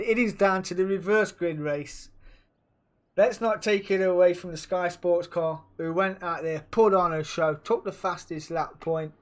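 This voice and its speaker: Man, a bit high-pitched, excitable race-league host, slangy, chatty live-stream commentary.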